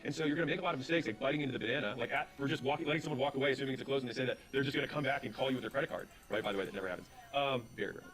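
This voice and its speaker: Over faint background music, a medium-pitched man talks about business and sales, rapidly and animatedly retelling stories with quoted back-and-forth dialogue before offering advice.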